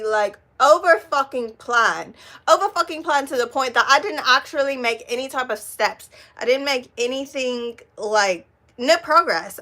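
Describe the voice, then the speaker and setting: A woman's voice: on the high side, sharp tone. A young adult woman chatting casually on a live stream, rambling, swearing freely and laughing often. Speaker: vlogger.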